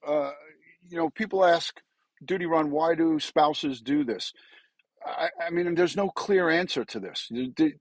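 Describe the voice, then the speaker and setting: A man's voice: medium pitch, darkish tone, no echo, poor audio. A man hosting a casual live stream about a crime case, rambling and repeating words with many fillers. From New York.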